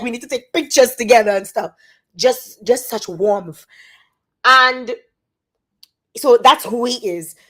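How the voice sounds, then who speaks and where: A middle-aged woman from Dominica, telling an emphatic, animated story in a casual review vlog. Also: on the high side. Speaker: vlogger.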